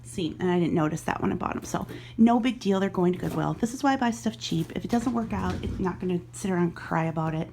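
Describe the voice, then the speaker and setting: Middle-aged lady chatting away about her resale stuff at home, bit of fry in her voice. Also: on the low side, fast, few pauses, mellow, slight background noise. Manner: chatty, thinking aloud while handling items. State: out of breath. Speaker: online reseller vlogger. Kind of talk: casual vlog chat.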